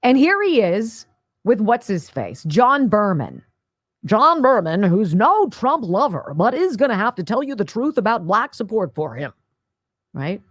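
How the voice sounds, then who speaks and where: Middle-aged lady talk radio host, slow and punchy, sarcastic, dry close studio mic. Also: mid-range voice, no echo. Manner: sarcastic, emphatic, animated.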